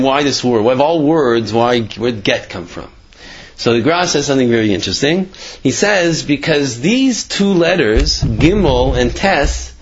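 A male Torah teacher gives a casual talk, telling stories and posing rhetorical questions with many fillers. His mid-range voice is slightly rough, and the recording has a dull, lo-fi sound.

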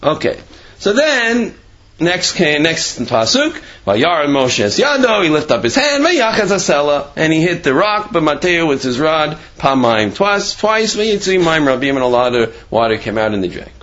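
Lively Torah teacher, man, lo-fi sound. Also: fairly high pitch, normal speed. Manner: animated, acts out quoted speech with shifting voice; conversational, many "you know" asides and restarts. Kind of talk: Torah class explaining Rashi's commentary.

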